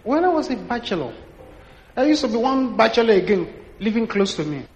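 A Nigerian man in his sixties, a pastor telling stories in an animated sermon and acting out the dialogue. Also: high-pitched, brisk, slight background noise. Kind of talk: sermon storytelling. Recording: echoey hall, dull lo-fi sound.

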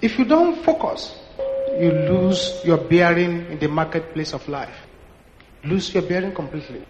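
High-voiced Nigerian pastor preaching. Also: male voice, moderate pace, faint music behind. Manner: animated, acts out dialogue. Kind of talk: sermon storytelling. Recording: echoey hall, dull lo-fi sound.

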